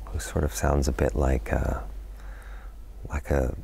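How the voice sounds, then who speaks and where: A middle-aged man speaks in a very deep, rough, fry-laden voice, giving a press interview about a film he acted in. He thinks aloud, circling back and filling gaps with "you know" as he searches for the right words. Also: little pitch movement, measured pace, mellow, slight background noise.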